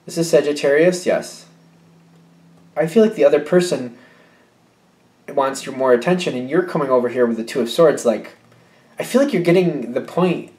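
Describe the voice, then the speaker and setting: In an echoey room, a male tarot reader with a somewhat high, darkish voice works through a casual reading at a moderate pace, pausing often. He muses, hesitates, and keeps correcting himself, with the occasional light laugh.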